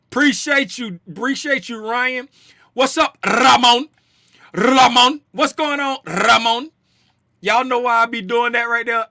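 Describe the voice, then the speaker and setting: A man's voice: high voice, pushed and bright, no room sound, clean studio sound. A man hosting a casual livestream, joking around and greeting chat viewers by name. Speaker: livestream host and trading educator.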